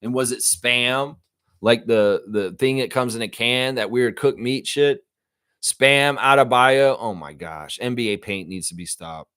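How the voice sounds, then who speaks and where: A man's voice: medium pitch, unhurried, fairly bright tone, no room sound, clean studio sound. Profane, exasperated ranting fan-show man. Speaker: sports show host. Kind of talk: live fan reaction show rant.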